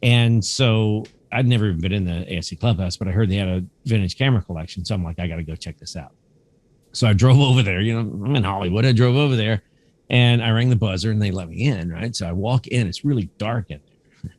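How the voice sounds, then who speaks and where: A middle-aged camera museum curator, appearing as a guest, tells lively anecdotes fast and casually in a lowish voice, acting out quoted dialogue in the voices of the people involved and swearing offhandedly. It's conversational storytelling, recorded dry and close with no room echo.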